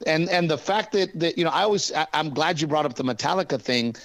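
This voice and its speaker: Animated storytelling man, dry close sound. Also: a little high, fast, no room sound, poor audio. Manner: animated storyteller, acts out arguments. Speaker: stand-up comedian and guest. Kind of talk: casual interview chat.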